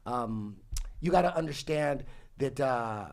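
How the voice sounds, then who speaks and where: A man in his forties telling a long story in casual talk, rambling and animated, swearing often and restarting his sentences. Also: medium pitch, takes it slowly. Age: 40s. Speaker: podcast guest telling a story.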